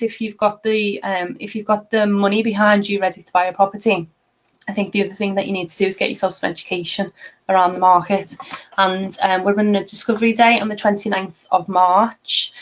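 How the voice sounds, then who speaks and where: A woman's voice: medium pitch, dull audio. A woman with a Scouse accent, a property investor talking casually to camera with frequent ums in a chatty, practical way. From Liverpool, England.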